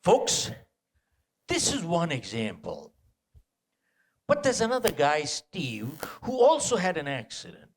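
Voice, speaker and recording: A man giving a live motivational talk to an audience, animated and punchy, repeating short phrases and throwing out rhetorical questions. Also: on the high side, takes it slowly, pauses often. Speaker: motivational speaker. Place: indoor event venue.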